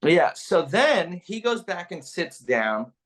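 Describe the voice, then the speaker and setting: Animated male comedian telling a story. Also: high voice, slow. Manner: animated, acts out quotes with voices. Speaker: comedian and podcast guest. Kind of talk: casual storytelling.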